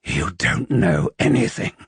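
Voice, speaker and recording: A man voicing a brooding, persuasive young nobleman who speaks with low, coaxing intensity in an audiobook. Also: lively intonation, measured pace, gravelly, breathy edge, no room sound, full character voice.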